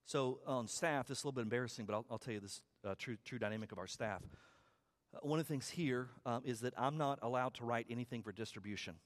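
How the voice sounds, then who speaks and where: A man preaching a sermon as pastor, talking conversationally, repeating words, and building to loud, high climaxes. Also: fast.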